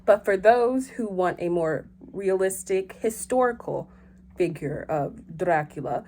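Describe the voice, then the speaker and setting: A young woman hosting a vlog in casual chat, animated and joking, with frequent swearing. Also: lowish voice, a little hiss or hum. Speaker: host.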